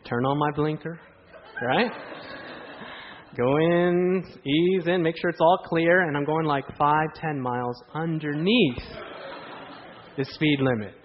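A man's voice: a little high, slow, pauses often, a little hiss or hum. Man preaching in an echoey hall. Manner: animated storytelling with rhetorical questions to the audience. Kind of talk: sermon. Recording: dull lo-fi sound in a hall with long reverb.

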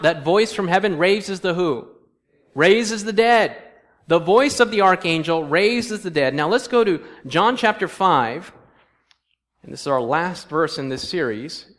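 A man's voice: fairly high pitch, fairly bright tone. Man preaching a sermon. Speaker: pastor. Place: church sanctuary.

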